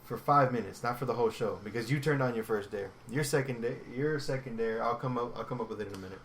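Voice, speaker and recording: A man's voice: medium pitch, quick pace, a bit bright, slight background noise. A man co-hosting a casual podcast, insistent and bargaining as he presses his friend about a dare. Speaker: podcast co-host.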